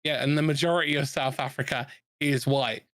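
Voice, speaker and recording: A man's voice: medium pitch, steady tone, fairly quick, a bit bright, dry recording. A man with a South East London accent, chatting loosely with friends over a game and restarting his sentences often. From England. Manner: rambling, restarts often, laughs easily. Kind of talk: casual chat over gameplay.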